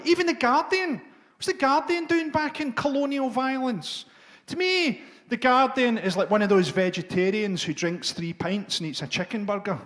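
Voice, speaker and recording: A middle-aged man doing a dark, sardonic stand-up set, swearing freely. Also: high voice, lively intonation, moderate pace. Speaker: stand-up comedian.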